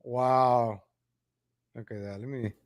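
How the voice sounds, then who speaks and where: A man ranting in exasperation as he comments on videos for his viewers, calling them ladies and gentlemen. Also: a little high, moderate pace, slight background noise.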